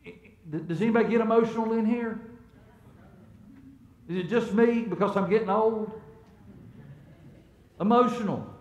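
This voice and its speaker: A man's voice: high-pitched, moderate pace, pauses often, dull audio. A middle-aged man, preaching as a pastor in a church. He speaks conversationally, restarts and repeats words, and asks the congregation questions. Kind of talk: sermon. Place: church sanctuary.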